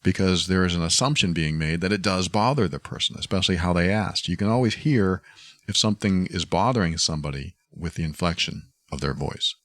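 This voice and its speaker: Man, podcast host, very low voice, dry close sound, calm and thoughtful advice. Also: brisk, no room sound. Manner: calm, thoughtful, acts out example phrases. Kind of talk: reflective advice talk.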